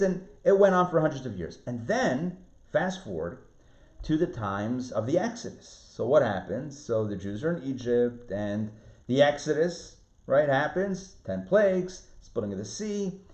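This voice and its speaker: A man, a rabbi, teaching an online Torah class, lively, restarting phrases and asking his students questions. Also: medium pitch. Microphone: video call. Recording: roomy, muffled video-call audio.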